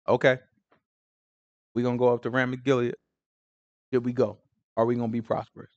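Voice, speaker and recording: A man's voice: medium pitch, steady tone, quick pace, fairly bright tone, no room sound, dull audio. A man leading a casual Bible study, retelling scripture in slang and acting out the characters' lines. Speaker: Bible teacher.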